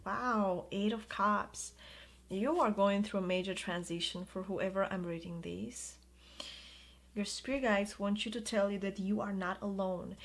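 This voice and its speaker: A woman giving an intuitive tarot reading in a soft, soothing way, drawing out her words of reassurance. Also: medium pitch. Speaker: tarot reader.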